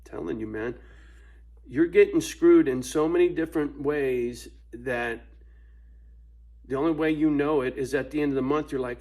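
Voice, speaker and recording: A man's voice: mid-range voice, normal speed, darkish tone. A man ranting casually to camera at home, profane and laughing often between points. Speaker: vlogger. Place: at home with his dog.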